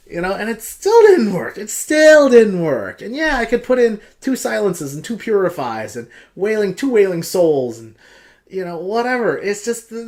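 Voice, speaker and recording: A man reviewing game cards in a casual, profane, ranting style. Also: high-pitched.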